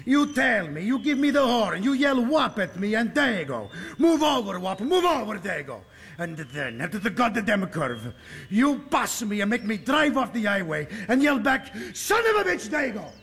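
An actor playing a proud, hot-tempered immigrant banana truck driver, who shouts and later sobs. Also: male voice, high voice, very animated, moderate pace, husky, exaggerated voice. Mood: furious. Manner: shouting, then sobbing. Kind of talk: film drama acting.

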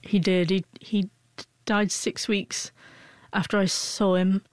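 A woman's voice: medium pitch, flat delivery, takes it slowly, no echo. A woman in her forties, an interview guest who stutters, with frequent broken-off sounds and restarts as she tells a personal story.

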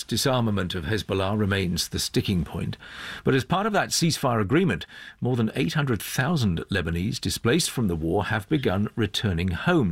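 A man hosting a radio news programme, reading scripted links in a measured, formal broadcast style. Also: fairly low pitch, husky, dry recording. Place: radio studio.

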